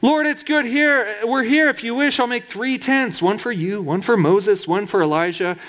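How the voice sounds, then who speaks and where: A man's voice: sits high, normal speed, fairly bright tone. A man preaching, voicing an impulsive male disciple who blurts out eager, earnest words.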